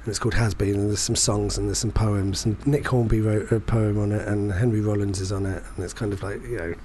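A man's voice: fairly low pitch, fairly even intonation, a little fast, warm tone, slight background noise. A man chatting casually as a podcast co-host, telling rambling anecdotes full of fillers and restarts. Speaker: performance poet. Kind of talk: casual chat.

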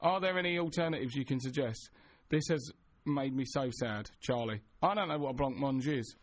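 A man's voice: medium pitch, moderate pace, no echo. A man co-hosting a radio show, bantering and reading out listener messages. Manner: jokey, reads out listener messages. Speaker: radio co-host. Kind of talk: casual banter.

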